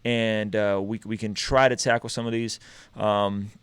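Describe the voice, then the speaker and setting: A man in his thirties hosting a casual live stream chat, talking in a relaxed, rambling way and calling out viewers with energy. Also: fairly low pitch, measured pace, clear, resonant tone, no echo. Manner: relaxed, rambling, animated shout-outs. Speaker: host.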